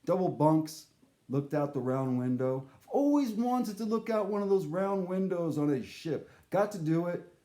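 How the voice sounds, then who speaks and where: A man's voice: high-pitched, expressive, moderate pace, mellow. A man telling a long, rambling story casually, swearing and cutting himself off mid-sentence. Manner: rambling, swears, self-interrupting. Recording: roomy echo.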